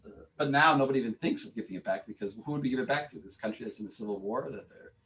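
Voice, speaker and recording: A man teaching a class, arguing his opinions in an animated, informal way with many restarts. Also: medium pitch, very fast, slight background noise. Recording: voice from far off in a classroom.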